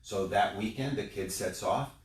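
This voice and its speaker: A man telling a story in a relaxed interview, animated one moment and hushed the next. His voice sits somewhat low. It echoes around the room, picked up from a distance. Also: moderate pace, slight background noise. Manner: animated storyteller, drops quiet for quotes. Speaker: guest, business owner. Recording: roomy sound, distant mic.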